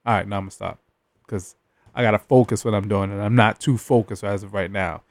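A man's voice: lowish voice, fairly even intonation, brisk, no echo. A man hosting a radio show who chats casually between tracks and rambles while guessing how to pronounce artists' names. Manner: rambling, unsure of artist name pronunciations.

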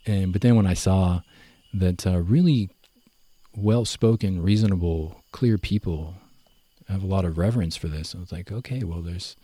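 A young man telling his story in a relaxed, rambling way, full of fillers and self-corrections. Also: low voice, moderate pace, no room sound. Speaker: guest. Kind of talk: casual conversational storytelling.

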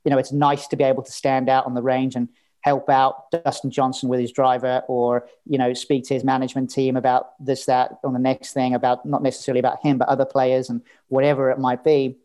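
A man's voice: mid-range voice, level tone, a little fast, mellow. A man talking as a podcast guest, telling his story in a candid, casual way and swearing now and then. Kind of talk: casual interview chat.

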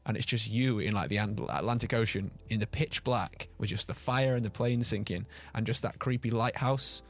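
A man's voice: lowish voice, normal speed, soft background music. A man co-hosting a podcast, chatting casually in an enthusiastic, rambling way. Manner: enthusiastic, rambling, with frequent restarts. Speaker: podcast co-host. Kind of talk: casual chat.

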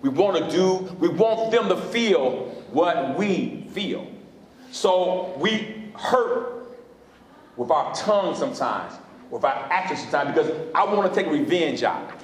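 A man's voice: fairly high pitch, lively intonation, unhurried, a little hiss or hum. A man preaching a sermon as pastor, questioning his congregation in call-and-response style from a church sanctuary. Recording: echoey hall.

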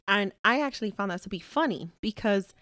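A woman's voice: medium pitch, expressive, fairly quick, a bit bright, no echo, clean studio sound. A young woman co-hosting a podcast, talking frankly and swearing freely in casual chat. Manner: frank, profane, laughing. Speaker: podcast co-host.

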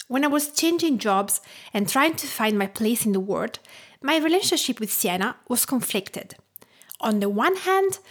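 A woman in her thirties from Tuscany with an Italian accent, narrating her food podcast in a reflective storytelling way. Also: on the high side. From Tuscany, Italy. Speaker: podcast host.

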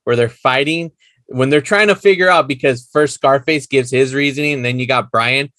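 A man from the United States hosting a podcast in casual chat, excitable, laughing often and acting out scenes. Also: mid-range voice, normal speed, no echo. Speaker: podcast host.

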